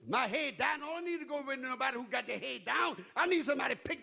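An older man preaching a sermon in call-and-response style, dropping to a hush and then rising to a shout. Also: very high voice, lively intonation, fast, vocal fry, hardly any pauses.

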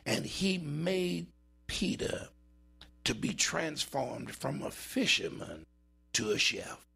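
A man preaching a sermon in a dramatic style, with big swings in pitch and drawn-out words for emphasis. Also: very animated, gravelly, pushed and bright, husky.

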